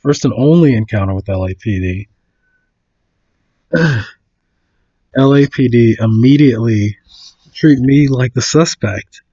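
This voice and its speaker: A man's voice: medium pitch, measured pace, pauses often, dark tone, muffled recording. A man casually telling a story, full of fillers and restarts, acting out other people's lines.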